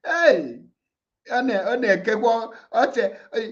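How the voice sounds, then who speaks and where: A man's voice: very high voice, sing-song, a little slow, fairly bright tone. A Nigerian-accented man giving mocking commentary, laughing and taunting, repeating words over and over. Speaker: online commentator. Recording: dull lo-fi sound.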